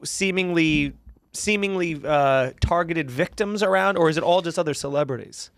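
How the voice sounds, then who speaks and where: A man hosting a podcast, asking teasing questions and cracking quick jokes in casual interview chat. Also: fairly high pitch, no echo. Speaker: podcast host.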